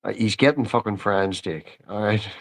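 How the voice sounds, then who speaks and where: A man's voice: lowish voice, moderate pace. A man chatting as a guest on a live stream, stammering when he gets going and swearing casually. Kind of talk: casual chat.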